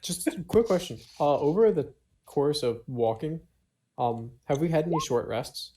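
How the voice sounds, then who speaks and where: A man's voice: on the high side, lively intonation, normal speed, dark tone. A man playing a tabletop game in casual chat, hesitant and explaining rules with fillers. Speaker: player.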